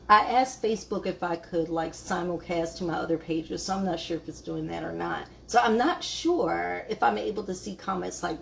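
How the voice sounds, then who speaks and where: A woman's voice: on the low side, gravelly, slight background noise. A woman, hosting a casual live cooking stream in her home kitchen, chatting with viewers and trailing off with fillers. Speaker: cooking show host.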